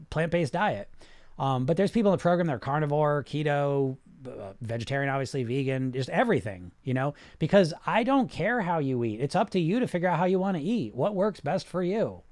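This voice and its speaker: A fairly high-voiced man coaching listeners in a loose, rambling live chat. He restarts his sentences often and checks in with "right?", then eases into slow relaxation prompts. The sound is close and dry, with no room around it. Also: no room sound. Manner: slows into calm guided relaxation cues. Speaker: weight-loss coach and podcast host.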